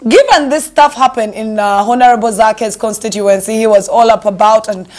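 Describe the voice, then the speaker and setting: A woman's voice: a little high, moderate pace. Sassy Ugandan woman gossip host. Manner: sassy, animated, mixes in Luganda phrases. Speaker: entertainment show host. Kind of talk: casual gossip commentary.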